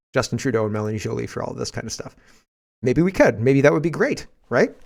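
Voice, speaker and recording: A man with a Canadian accent hosting a casual political commentary podcast, rambling and animated, breaking into shouts when he acts out scenes. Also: medium pitch, fast, gravelly. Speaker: podcast host.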